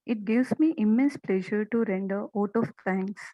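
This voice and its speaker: A woman's voice: medium pitch, moderate pace, no echo, dull audio. A woman, a professor delivering a formal vote of thanks and reciting a list of names.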